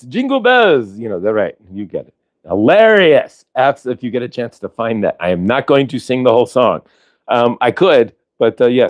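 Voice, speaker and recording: A man's voice: fairly low pitch, a little mellow, no room sound. A male show host from Ohio chatting casually, rambling through tangents with frequent restarts. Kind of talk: casual chat.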